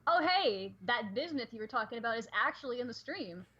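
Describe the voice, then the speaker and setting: A woman's voice: on the high side, expressive, a little fast, pushed and bright, husky, muffled recording. A chatty woman who laughs easily, talking casually with a friend on a livestream. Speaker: co-host and voice actor.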